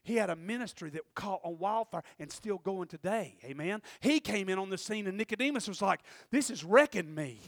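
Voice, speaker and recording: A male pastor preaching a sermon, telling stories animatedly, acting out voices and rising to shouts. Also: sits high, expressive, brisk, hardly any pauses, no room sound, studio quality.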